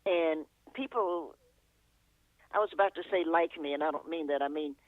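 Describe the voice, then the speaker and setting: A woman's voice: sits low, moderate pace, dry recording. An older woman, a poet and author, telling meandering stories as a guest, chuckling often and correcting herself as she goes. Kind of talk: reflective storytelling interview. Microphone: telephone. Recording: tinny phone line, dry.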